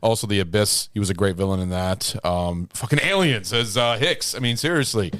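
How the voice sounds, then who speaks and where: A man's voice: lowish voice, fairly quick, a bit bright, no echo. A man co-hosting a movie podcast, agreeing readily and fumbling for names. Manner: agreeable, searching for words. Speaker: podcast co-host. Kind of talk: casual movie review chat.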